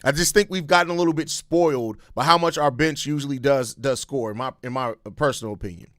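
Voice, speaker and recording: A man hosting a live postgame reaction, talking bluntly with plenty of profanity and breaking into loud rants. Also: medium pitch, quick pace, no room sound, studio quality. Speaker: sports channel host.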